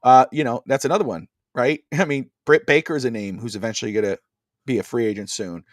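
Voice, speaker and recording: A man's voice: mid-range voice, fast talker, dry recording, studio quality. A man co-hosting a casual wrestling podcast over a video call, rambling with many fillers and restarts. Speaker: podcast co-host.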